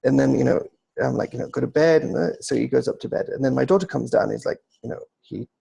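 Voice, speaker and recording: A man's voice: mid-range voice, fast, vocal fry, warm tone, slightly rough. A middle-aged man hosting a casual discussion, telling a rambling family story and reading out listener comments. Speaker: host.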